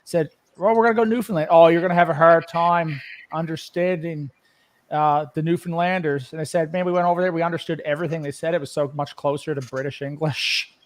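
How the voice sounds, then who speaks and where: A man's voice: on the high side, steady tone, brisk. A man with an East Coast Canadian accent chatting casually on a livestream, rambling and laughing often. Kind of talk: casual chat.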